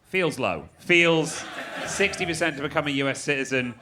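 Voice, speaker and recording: A man's voice: a little high, animated, normal speed. Mancunian man doing wry stand-up. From England. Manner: wry, teasing crowd work. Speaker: stand-up comedian. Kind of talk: stand-up comedy set. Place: comedy club stage. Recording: loud audience noise in club.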